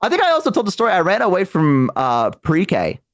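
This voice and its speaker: This streaming guest from the American South has a high-pitched voice and a fairly quick delivery. Animated and profane, he acts out everyone in his stories during casual chat, his voice sitting close and dry on the mic.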